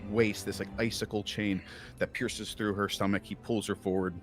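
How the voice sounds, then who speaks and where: A man's voice: on the low side, flat delivery, moderate pace, fairly bright tone, faint music behind. A man narrating a tabletop game as game master, describing scenes in a casual, rambling way full of likes and uhs.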